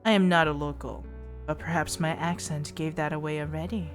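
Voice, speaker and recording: A woman voicing a calm, mysterious adult witch while reading a visual novel aloud, soft and formal. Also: low-pitched, fairly quick, faint music behind, natural voice. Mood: cool.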